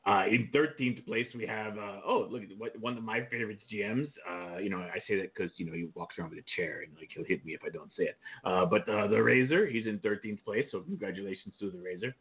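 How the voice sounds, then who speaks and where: A man's voice: on the low side, brisk, few pauses. A man co-hosting a casual show, reading out rankings with flirty, joking asides. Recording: tinny phone-like line.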